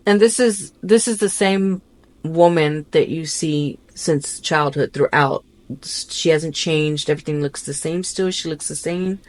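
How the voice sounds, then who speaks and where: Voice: medium pitch, unhurried. A podcast host interviewing a guest, asking probing follow-up questions with frequent restarts.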